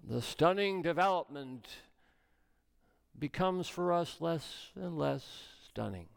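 A male pastor preaching a sermon, swinging between soft, low passages and raised, emphatic ones. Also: slow, vocal fry, clear, resonant tone.

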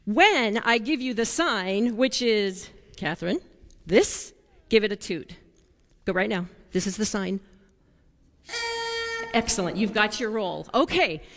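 A woman leading a children's sermon, telling a Bible story in a playful, animated way and asking the children questions. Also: medium pitch, measured pace, pauses often, big-room sound.

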